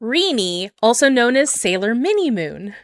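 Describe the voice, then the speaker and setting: Woman host from Canada, smooth mid voice, rambly, dry call audio. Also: on the high side, very animated, moderate pace, no echo. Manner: rambling, many fillers. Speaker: podcast host. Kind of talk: casual chat over a call.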